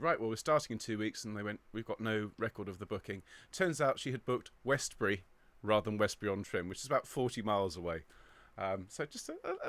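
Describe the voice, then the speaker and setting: A chatty man from England hosting a choir live stream, greeting viewers and reading out their comments in a relaxed, upbeat way. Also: mid-range voice, no echo. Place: indoor room overlooking a square.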